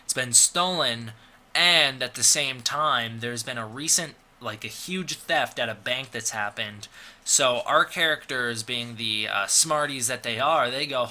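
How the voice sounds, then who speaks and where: Bright-voiced man rambling through a review. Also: medium pitch, measured pace. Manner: rambling and sarcastic, many fillers and restarts. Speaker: movie reviewer. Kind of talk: casual spoken film review.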